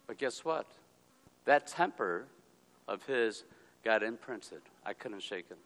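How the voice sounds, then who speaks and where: A man giving a personal storytelling talk, speaking in deliberate, drawn-out phrases with pauses and checking in with "okay?". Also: on the low side, expressive, fairly bright tone. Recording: long hall reverb.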